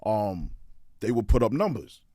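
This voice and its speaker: A man's voice: lowish voice, big pitch swings, unhurried, dark tone, husky, no room sound, studio quality. An older man telling a story in an interview, using casual slang and chiming in on his partner's tale.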